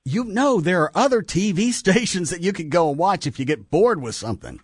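A man's voice: high voice, animated, breathy edge, no room sound, studio quality. Blunt, wisecracking male radio host. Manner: blunt, wisecracking, fast bursts. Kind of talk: casual radio talk.

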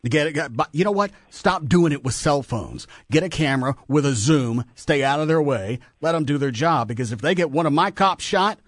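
A man hosting a radio talk show, blunt and wisecracking, talking in quick bursts on a studio microphone. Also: a little high, expressive, no echo.

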